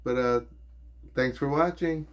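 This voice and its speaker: A man's voice: medium pitch, measured pace, heavy background noise. A man from the United States in a casual vlog monologue, hesitant with a slightly slurred, lazy-lipped way of talking, in his home studio. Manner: hesitant, lots of ums and likes. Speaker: YouTuber.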